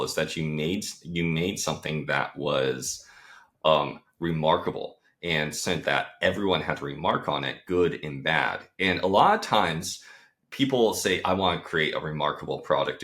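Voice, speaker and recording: Podcast host, man with a deep voice, asks long considered questions. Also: a bit bright. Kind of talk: casual interview conversation.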